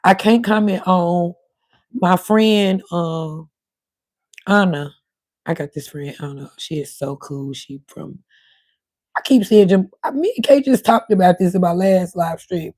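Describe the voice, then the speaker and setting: A middle-aged woman rambles casually to viewers in her livestream chat as her audio cuts in and out. Her voice is fairly low and a little mellow, with a measured pace and no room sound.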